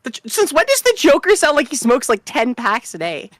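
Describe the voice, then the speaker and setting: A young woman streaming a game, chatting casually and swinging between loud outbursts and quiet mumbles. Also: sits high, wildly swooping pitch, a little fast, dry recording, studio quality. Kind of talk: casual chat while gaming.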